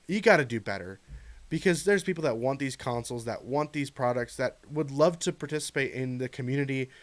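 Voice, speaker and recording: Guy venting on his gaming channel, earnest, mid-pitched, kinda pleading. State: choked up near the end. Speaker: gaming YouTuber. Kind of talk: ranting commentary to camera.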